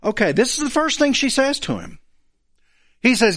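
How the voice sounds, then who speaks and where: A man's voice: extremely high pitch, moderate pace, long pauses. A man preaching a sermon, acting out the quoted speakers as he goes. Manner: animated, acts out the quoted speakers.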